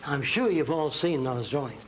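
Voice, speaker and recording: A man's voice: mid-range voice, expressive, normal speed, background noise. A man giving a lecture to a live audience at a blackboard, explaining step by step and acting out what people say. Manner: explanatory, acts out quoted dialogue.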